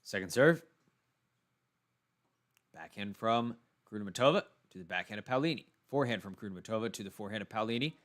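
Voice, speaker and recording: A man with a Texan accent giving calm live tennis play-by-play, calling serves and shots with brief asides. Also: lowish voice, brisk, long pauses. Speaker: tennis commentator. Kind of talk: live solo watchalong commentary.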